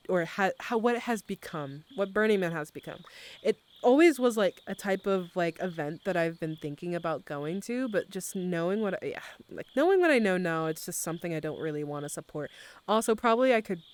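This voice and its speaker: A woman's voice: on the low side, clear, resonant tone. A young adult woman streamer chatting casually with her live chat, using lots of slang and laughing often.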